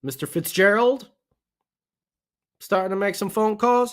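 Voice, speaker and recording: A man co-hosting a casual sports podcast, excitable and rambling, with lots of fillers. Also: high-pitched, measured pace, pauses often. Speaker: podcast co-host.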